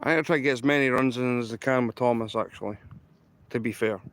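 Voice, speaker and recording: A fast-talking Scotsman with a medium-pitched, slightly bright voice livestreams trainspotting outdoors by the railway. Holding his camera, he chats casually to viewers, rambling, repeating himself and speaking emphatically.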